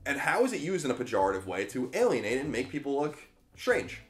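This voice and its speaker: An American man in his thirties hosting a solo political commentary video from a spare bedroom, casual and emphatic, slowing down to stress his points. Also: mid-range voice, sing-song. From United States. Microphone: camera in a small room.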